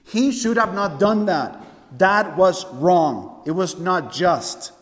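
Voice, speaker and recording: A man's voice: high voice, lively intonation, slow pace, long reverb tail. A man preaching a sermon, emphatic and fond of asking his listeners questions. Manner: emphatic, asks the congregation questions.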